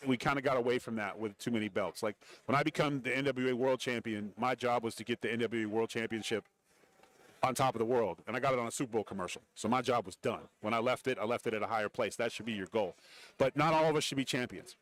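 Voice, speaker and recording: A man's voice: medium pitch, quick pace. A middle-aged man, a guest on a radio show, telling stories in a casual interview and acting out the voices of people he quotes. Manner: animated storyteller, acts out quoted voices. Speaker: guest, former wrestler and TV commentator. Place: radio row broadcast booth.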